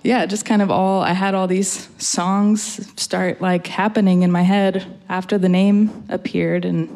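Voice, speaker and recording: A woman's voice: mid-range voice, little pitch movement, a little slow, darkish tone. A young adult woman, a musician guest, chatting casually in an interview, often laughing and poking fun at herself. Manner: laughing, storytelling, self-mocking.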